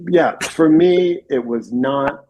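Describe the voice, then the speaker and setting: A man's voice: on the high side, takes it slowly, mellow, lo-fi sound. A man guest on a podcast, chatting casually about his trade in a laid-back way and acting out his clients. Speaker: podcast guest, plaster contractor. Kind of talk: casual conversation.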